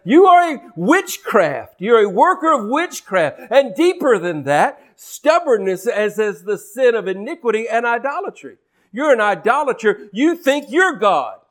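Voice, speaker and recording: High-voiced impassioned male preacher. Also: sing-song, normal speed. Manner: impassioned, repeats and restarts phrases, acts out quoted speech. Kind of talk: sermon.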